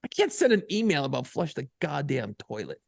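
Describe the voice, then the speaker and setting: A man co-hosting a podcast, telling a profane, animated story in casual banter and acting out other people's voices. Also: on the high side, fairly quick, creaky, dry recording, studio quality. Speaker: podcast co-host and radio program director.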